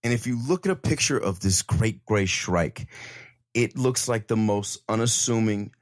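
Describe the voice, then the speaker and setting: A man's voice: lowish voice, normal speed, dry recording, studio quality. A man hosting a casual comedy podcast, rambling and cursing with hyped-up energy. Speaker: podcast host.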